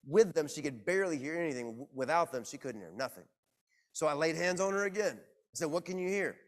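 A man preaching to his congregation, telling a personal story in a lively, self-mocking way. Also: a little high, brisk. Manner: animated, self-deprecating storyteller. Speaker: pastor. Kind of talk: sermon storytelling. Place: church.

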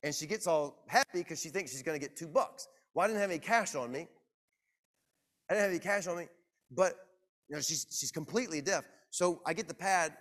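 A man preaching to his congregation, telling a personal story in a lively, self-mocking way. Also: fairly high pitch, a little fast. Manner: animated, self-deprecating storyteller. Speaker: pastor. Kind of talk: sermon storytelling. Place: church.

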